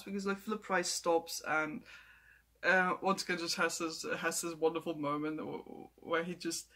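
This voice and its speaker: An excitable man gushes through a TV episode review, tripping over his words and circling back to repeat himself. His voice sits high for a man and has a sharp, bright edge. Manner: enthusiastic, repeats words and restarts often.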